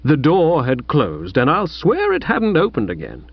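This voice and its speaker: Guy reading an audiobook, pitch all over the place, kinda muffled dead-dry sound. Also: a little slow, slightly rough, dry recording. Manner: expressive, lively reading with shouted character lines. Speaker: audiobook reader. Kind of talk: scripted narration. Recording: dull dry lo-fi recording.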